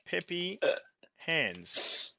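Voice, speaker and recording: A man in his thirties with an Australian accent, co-hosting a casual streamed gaming podcast in a rambling, excitable way. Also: a little high, extremely slow, creaky, dry recording. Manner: rambling and excitable, with fillers and laughs. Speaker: podcast co-host.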